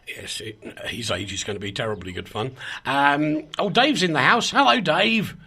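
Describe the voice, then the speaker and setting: A man's voice: fairly high pitch, lively intonation, moderate pace, creaky, bright, forceful tone, slightly rough. A man hosting a radio show in a small studio, chatting casually and rambling in a self-mocking way. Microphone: studio microphone.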